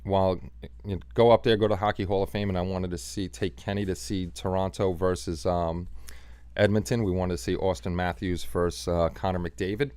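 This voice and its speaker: A man's voice: low voice, fairly even intonation, brisk, darkish tone, clean tone, no room sound. A man hosting a casual live stream, chatting in a rambling way and answering viewers by name. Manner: rambling, chatty, talks back to chat by name. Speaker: live stream host reading chat.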